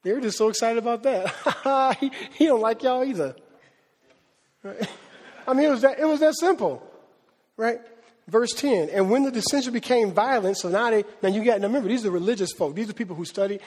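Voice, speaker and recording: A male preacher gives an animated, conversational sermon and laughs often. His voice sits high, and a long reverb fills the sanctuary. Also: a little fast.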